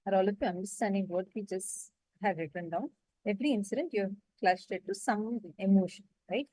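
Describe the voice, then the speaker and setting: A woman's voice: mid-range voice, fairly quick, mellow, no echo, rough recording. Give me a patient woman guiding an online class. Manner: patient, repeatedly checks the audience understands. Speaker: meditation session facilitator. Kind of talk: guided instruction to an online class.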